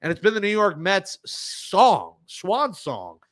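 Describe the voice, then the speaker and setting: A man hosting a sports podcast, talking casually with jokey, animated asides. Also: sits high, slow pace. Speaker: podcast host.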